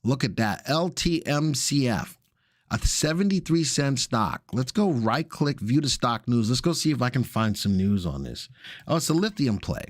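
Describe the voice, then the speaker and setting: A man's voice: mid-range voice, sing-song, moderate pace, dry recording, studio quality. Man hosting a casual live market show. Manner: casual, chatty, jokey asides. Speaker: stock market analyst host.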